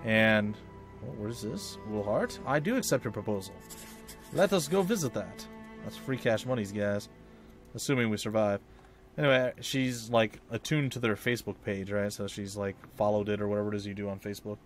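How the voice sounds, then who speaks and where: A man's voice: fairly low pitch, normal speed, faint music behind. A man giving casual, rambling, self-mocking commentary while playing a video game at home. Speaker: let's play host.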